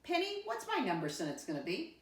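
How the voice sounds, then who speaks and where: A woman's voice: on the high side, huge pitch swings, a little fast. A woman teaching a math lesson to young children in a sing-song teacher voice, counting aloud and calling them "my friends". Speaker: first grade teacher. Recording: roomy sound from a distant mic.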